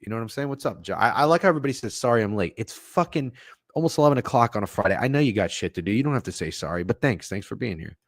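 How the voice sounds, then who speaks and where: Young man, betting stream host, swears freely, lively swooping pitch, dry close mic. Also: rapid-fire, no echo. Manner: animated, swearing, talks to chat. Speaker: sports betting show host. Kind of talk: profane live-stream betting chat.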